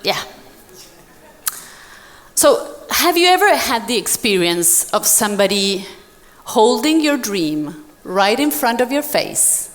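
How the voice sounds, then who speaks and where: A woman's voice: big pitch swings, slow pace, pauses often, slight background noise. A woman speaker telling a personal story to an audience in a dramatic way, acting out the voices of other people. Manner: dramatic, acts out dialogue with big pitch swings. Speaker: motivational speaker. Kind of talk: storytelling keynote speech. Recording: long hall reverb.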